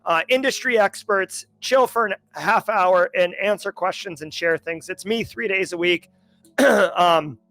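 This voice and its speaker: A man with a Massachusetts accent hosting a casual livestream chat, joking and animated as he talks to his viewers. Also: sits high, unhurried, dry recording, faint music behind. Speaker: livestream host.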